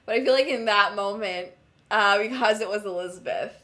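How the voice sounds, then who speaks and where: A woman's voice: mid-range voice, a little fast, bright, forceful tone. A woman co-hosting a fan podcast in casual chat, enthusiastic and giggly, quoting characters. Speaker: podcast co-host.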